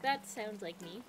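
A woman's voice: medium pitch, background noise. A young woman streaming a game, chatting casually and giggling often as she reads chat aloud. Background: game music.

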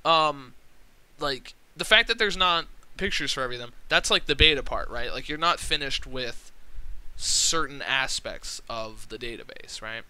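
A young man streaming a game, reading its text aloud and gushing with excitement, swearing freely and rambling. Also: mid-range voice, normal speed, clean tone, rough recording.

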